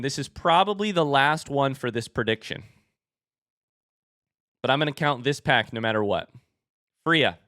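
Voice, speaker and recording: A young man live-streaming as he opens card packs and chats with viewers, turning excitable and hyping each reveal. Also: dry recording, studio quality. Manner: excitable, bursts into high shouts; hype commentary.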